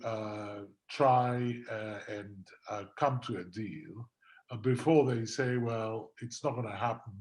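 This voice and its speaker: Male guest lawyer on a video-call panel: mid-pitched, measured, argues point by point. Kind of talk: webinar panel discussion.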